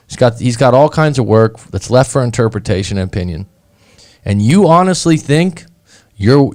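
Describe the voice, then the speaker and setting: Blunt mellow-voiced male coach. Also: medium pitch. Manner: blunt, swears, retells online arguments. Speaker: breakup coach and podcast host. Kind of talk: casual monologue.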